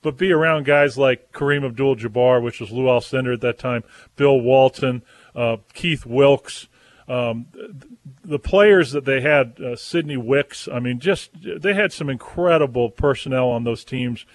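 A man's voice: mid-range voice, unhurried, no echo. A male radio host asking long, enthusiastic questions in an interview.

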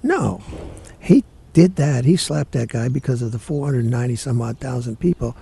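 Older guy w/ a gravelly, dark voice, plainspoken storyteller, faint hum behind him. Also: mid-range voice, lively intonation, normal speed. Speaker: interview guest. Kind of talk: storytelling in an interview.

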